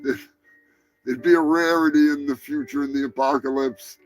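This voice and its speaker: A man's voice: on the high side, steady tone, moderate pace, faint music behind. A man hosting a live comedy podcast, joking crudely and swearing a lot. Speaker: podcast host. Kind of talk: casual comedic live show.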